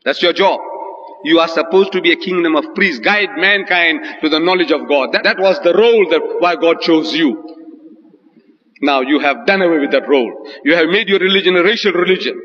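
A man's voice: a little high, fairly quick, long reverb tail, highs cut off. A man giving an emphatic religious debate lecture, posing rhetorical questions and quoting scripture. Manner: emphatic, rhetorical, quotes scripture in Arabic and English.

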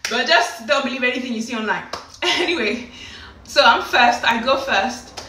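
A woman telling a story casually to camera in an animated way, often slipping into acted voices. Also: a little high, moderate pace, a little hiss or hum. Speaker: vlogger. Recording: echoey room, distant from the mic.

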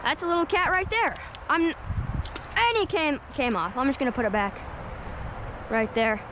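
Woman, high voice, excitable fishing vlog chatter, lakeshore outdoors, faint background noise. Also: a little slow. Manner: excitable, keeps addressing viewers as guys. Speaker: fishing vlogger.

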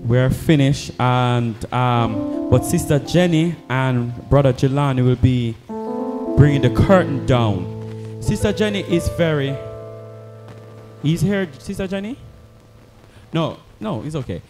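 A man leading a church service as pastor, announcing the next speakers in an unhurried way with pauses. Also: mid-range voice, music in the background.

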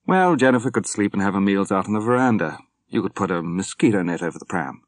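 A man voicing a lively, teasing young woman who talks brightly and animatedly, in an audiobook reading. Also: lowish voice, fast, no room sound, lightly acted. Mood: breezy.

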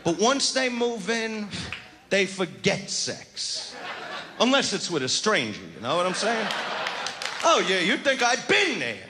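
A brash male stand-up comic taunts the front row in a big theater, his voice sitting high and swinging widely in pitch. A loud, laughing audience and heavy noise fill this live concert recording. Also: sing-song, measured pace. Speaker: stand-up comedian. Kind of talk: crude stand-up routine with crowd work.

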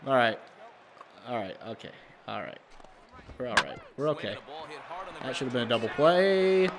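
A man casually commenting on his own baseball video game as he plays, swearing and yelling at bad pitches, then talking himself back to calm. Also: normal speed, background noise. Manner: swears and yells in bursts of frustration, then talks himself calm. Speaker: gaming video creator.

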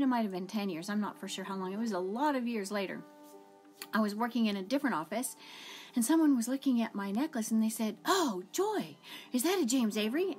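A middle-aged woman giving an earnest devotional talk, telling personal stories in a conversational way. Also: mid-range voice. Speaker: ministry speaker.

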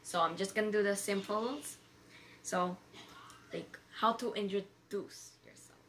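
A woman giving a casual vlog lesson, slowly repeating each phrase carefully as an amateur tutor. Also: lowish voice, pushed and bright, slight background noise.

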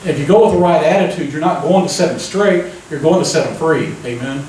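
A man preaching a conversational sermon, folksy and relaxed, often turning to the congregation with a quick "amen?". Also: on the high side, slight background noise. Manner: folksy, keeps asking the crowd "amen?". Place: church sanctuary. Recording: echoey church room, mic at a distance.

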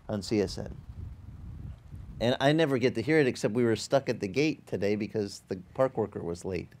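A middle-aged male pastor preaching a conversational sermon at a beach service. His voice sits at an ordinary middle pitch, and he wanders through anecdotes with restarts and asides before he pushes into louder, emphatic encouragement. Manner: conversational storytelling, many restarts, rising to emphatic exhortation.

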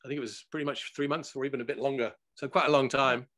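A man recording engineer talking in a relaxed, chatty interview, laughing often and using many fillers, over a video call. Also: mid-range voice, quick pace. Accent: none regional, no Scottish accent. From born in Gibraltar, grew up worldwide.

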